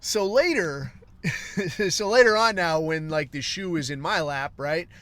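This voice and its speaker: A man's voice: a little high, measured pace, fairly bright tone. Profane rambling man in his forties. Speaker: podcast host. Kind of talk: casual storytelling monologue.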